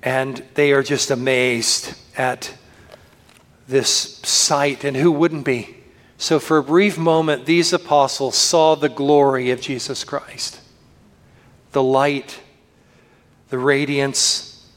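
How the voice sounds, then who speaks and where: A man pastor preaching a sermon, earnest and slowing down to lift his voice for scripture, recorded in a church. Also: mid-range voice, flat delivery. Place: church sanctuary. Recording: long reverb of a church hall.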